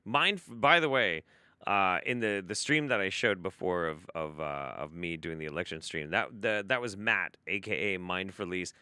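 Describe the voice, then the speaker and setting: A man's voice: deep voice, moderate pace, pushed and bright, clean tone, no echo, clean studio sound. A man hosting a live stream, reacting to a video with sarcastic, profane, mocking commentary.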